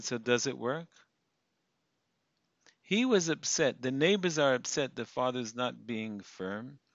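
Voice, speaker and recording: A man's voice: mid-range voice, fairly bright tone, dry recording, highs cut off. A man giving a spoken Torah lecture, asking rhetorical questions and using Yiddish terms. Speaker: lecturer on Jewish topics.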